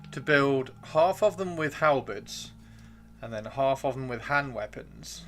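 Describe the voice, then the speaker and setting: A man live streaming as he builds miniatures, excitable and rambling, talking to himself and to chat. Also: mid-range voice, a little slow, soft background music.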